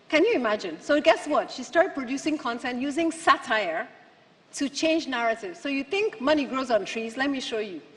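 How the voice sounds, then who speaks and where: Punchy woman speaking in a big hall. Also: on the high side. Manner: rhetorical, punchy repetition. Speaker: keynote speaker. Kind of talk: conference speech. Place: large conference hall. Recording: hall reverb from the PA.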